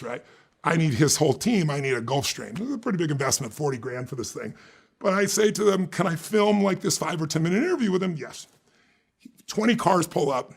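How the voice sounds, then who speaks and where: A man from the United States, telling an anecdote in an emphatic, lively way during an interview, acting out the dialogue he quotes. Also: on the high side, vocal fry. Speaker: guest, business speaker. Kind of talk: animated storytelling in conversation.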